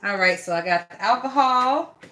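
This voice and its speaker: A woman's voice: a little high, expressive, normal speed, a bit bright, slight background noise. A woman chatting casually and gossiping bluntly, with a lot of swearing, while she works on a craft project. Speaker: vlogger.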